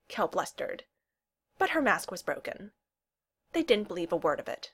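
A woman reading a story aloud as narrator, expressive and unhurried. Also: fairly low pitch, breathy edge.

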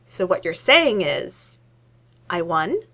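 A woman's voice: fairly low pitch, very animated, slow pace, bright, forceful tone, heavily acted. A woman voicing a cheerful, cocky male scientist who talks breezily and boasts. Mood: breezy.

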